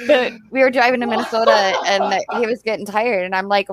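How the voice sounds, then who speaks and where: A woman's voice: a little high, normal speed, heavy background noise. A woman hosting a casual chat with friends, chatty and upbeat, laughing often.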